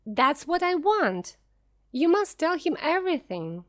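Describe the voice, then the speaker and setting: A woman voicing a calm, strangely knowing young boy, speaking brightly and eagerly. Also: high voice, measured pace, voice pushed up, full character voice.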